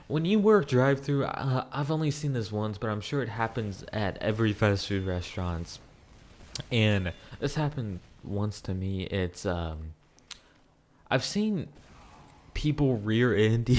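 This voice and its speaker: A young man giving casual commentary over gameplay, ranting about his fast food job with swearing and frequent laughs. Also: lowish voice, a little mellow, a little hiss or hum.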